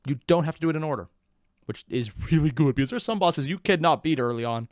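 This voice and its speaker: A man giving casual reaction commentary in a chatty way, with animated outbursts. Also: fairly high pitch, fast talker, no echo, studio quality. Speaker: reaction video host.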